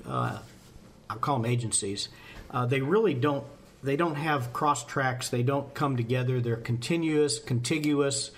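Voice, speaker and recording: A man's voice: mid-range voice, a little hiss or hum. A man in the fire service talking through volunteer staffing on a podcast in a folksy, rambling way, with jokes at his own expense. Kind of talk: casual podcast talk.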